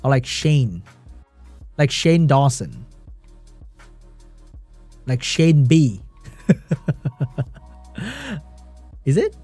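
A man giving live esports commentary on a stream, reacting excitedly, laughing often and chatting with his viewers. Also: mid-range voice, very slow, pauses often, soft background music. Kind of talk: live game commentary while reading chat.

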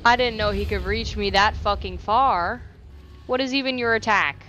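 A woman's voice: mid-range voice, normal speed, muffled recording, a little hiss or hum. A young woman doing let's play commentary. She swears freely, repeats phrases and talks back to the game. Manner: animated reactions, repeats phrases. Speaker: gaming YouTuber.

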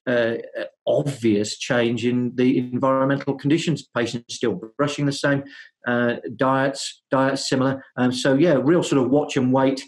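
A man, a dentist, talking through his ideas in a podcast interview, with many fillers, restarts and hesitant pauses. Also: medium pitch, little pitch movement. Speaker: guest dentist.

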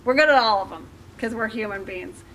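A woman's voice: mid-range voice, fairly quick, fairly bright tone, slight background noise. A middle-aged woman, a life coach, giving a workshop talk to a group in a conversational way, with fillers and questions to the audience.

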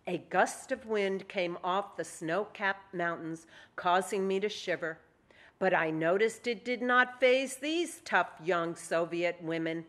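Woman author giving a museum talk, slow and measured, reads bits aloud. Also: on the low side, fairly bright tone. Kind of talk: lecture with read-aloud passages.

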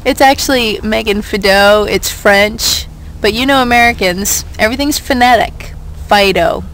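A woman's voice: fairly high pitch, moderate pace, a bit bright, slight background noise, lightly acted, low-quality recording. An actress playing a cheerful, chatty young woman with doglike habits, talking in a bubbly, playful way. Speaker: actor in a short film.

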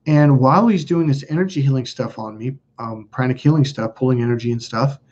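Husky guy rambling and cussing on a stream, reading comments, muffled lo-fi audio. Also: medium pitch, a little fast, a little mellow. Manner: blunt, profane, rambling storyteller. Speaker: host. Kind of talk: casual livestream chat reading viewer comments. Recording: dull lo-fi recording.

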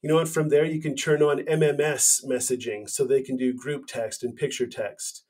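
Here the founder, a man in his forties, sounds flat and a bit dark, talking at normal speed in a medium pitch. He's a guest on a podcast, earnestly sharing his story in casual conversation and often restarting what he says.

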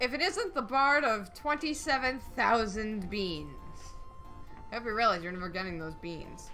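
A smug young bean seller in a game, sassy and self-satisfied, as a woman voices her. She talks brightly and breezily, bragging about her charm and her trade. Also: a little high, normal speed, soft background music.

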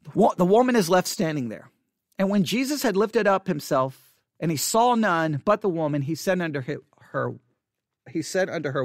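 A man's voice: a little high, expressive, normal speed, no room sound, clean studio sound. A man preaching a sermon with passion, often repeating phrases and restarting mid-sentence.

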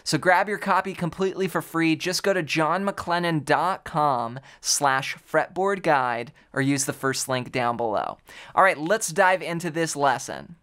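A man's voice: a little high, fairly bright tone, clean tone. A man teaching an online guitar lesson, explaining rhythm and counting beats aloud while he plays. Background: guitar playing.

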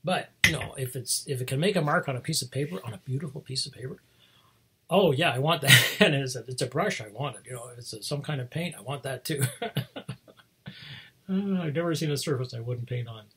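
A man's voice: medium pitch, animated, fast, pushed and bright, slightly rough. A middle-aged man hosting, recounting things in a casual, rambling monologue, chuckling often between restarts. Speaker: host.

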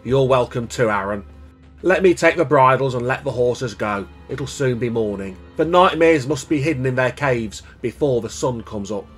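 A man's voice: mid-range voice, lively intonation, normal speed, slightly rough, faint music behind. A man voicing a protective grown man in a storybook reading, firm and kindly.

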